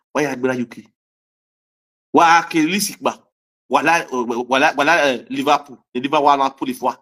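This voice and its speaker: A Nigerian man in a heated vlog rant, his voice pitched high for a man. He scolds his viewers and repeats himself over and over, hammering each point home. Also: sharp tone. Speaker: social media commentator. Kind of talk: ranting vlog monologue.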